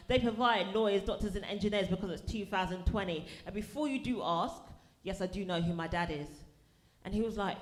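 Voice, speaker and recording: Speaking briskly in a mid-range voice, a woman from London delivers a sassy, punchy stand-up set to a small crowd at a comedy venue. The sound is echoey, as in a live venue, with some faint noise.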